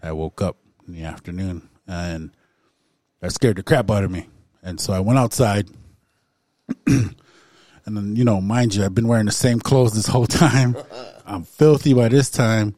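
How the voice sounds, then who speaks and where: A deep, mellow male voice telling his own story in a recovery circle. He talks in a halting way, with many fillers and frequent throat-clearing. The sound is close and dry. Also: no echo. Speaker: recovery group member sharing. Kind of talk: personal testimony in a recovery circle.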